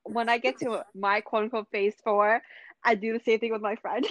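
A woman co-hosting a casual chat, joining in with quick, chatty asides. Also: a little high, steady tone, fairly bright tone, no echo. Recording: dull lo-fi audio.

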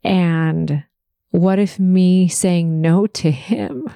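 A woman's voice: fairly low pitch, steady tone, extremely slow, warm tone, clear, resonant tone, no echo. A woman hosting her own podcast, speaking in an earnest, emotional and confessional monologue. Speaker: podcast host.

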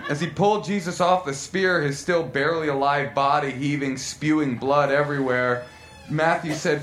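A man's voice: fairly even intonation, moderate pace, fairly bright tone. A man doing a comic reading of explicit fiction at a live comedy club, voicing the characters' lines dramatically. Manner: reads dramatically, voices characters with raised pitch. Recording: echoey live club room, faint noise.

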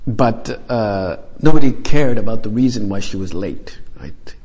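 A man's voice: fairly low pitch, animated, measured pace, darkish tone, husky. A man preaching a homily as a priest, talking conversationally with frequent fillers and repeated phrases.

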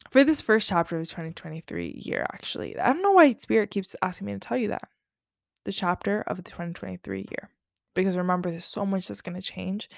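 A woman's voice: fairly low pitch, gravelly, no echo, clean studio sound. A young woman hosting a spiritual podcast, talking casually and effusively and swearing freely. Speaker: podcast host.

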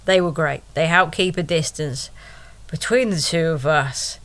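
A woman telling a personal story at an unhurried, drawn-out pace. Her voice is bright and her delivery is wry and sarcastic, with asides thrown to the listener. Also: deep voice. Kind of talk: first-person storytelling monologue.

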